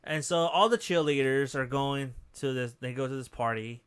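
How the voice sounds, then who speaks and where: A man's voice: medium pitch, normal speed, a bit bright, smooth. A man co-hosting a podcast, retelling a horror movie plot in a casual, profane way with lots of fillers. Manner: profane, loose storytelling with many fillers. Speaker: podcast co-host.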